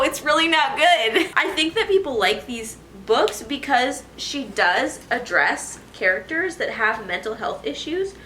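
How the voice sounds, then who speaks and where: A young woman chats candidly to her camera at home, bright-voiced and quick to poke fun at herself. The room is echoey, with a faint hum of background noise. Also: a little high. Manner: candid, animated, self-deprecating. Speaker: vlogger. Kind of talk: casual chat to camera.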